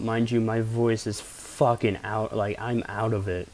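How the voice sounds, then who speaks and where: A man's voice: lowish voice, level tone, unhurried, hardly any pauses, darkish tone. Laid-back young man telling stories. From Pennsylvania. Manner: rambling, profane, laid-back anecdotes. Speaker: vlogger. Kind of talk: casual storytelling.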